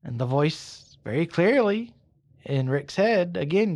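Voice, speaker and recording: A man hosting a podcast, narrating a story in an unhurried, conversational way with casual asides. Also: sits high, lively intonation, a little mellow. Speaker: podcast host.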